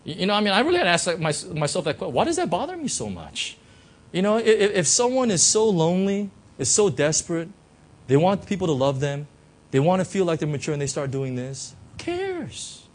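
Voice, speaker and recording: A man's voice: high voice, big pitch swings, quick pace. A man preaching a sermon as pastor, talking conversationally with many fillers and rhetorical questions. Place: church.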